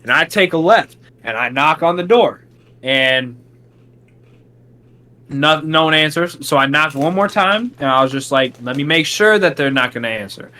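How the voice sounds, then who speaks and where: A young man on a casual podcast, telling a long story and acting out the quotes with big jumps in his voice. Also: normal speed. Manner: animated, acts out quotes with big pitch jumps. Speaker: podcast co-host.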